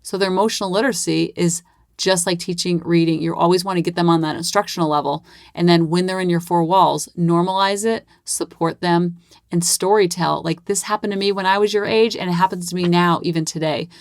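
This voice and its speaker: Chatty upbeat mom podcaster, dry close mic. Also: female voice, on the low side, steady tone, brisk, dry recording. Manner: chatty, upbeat, acts out kids' voices. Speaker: parenting podcast host. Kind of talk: casual solo podcast talk.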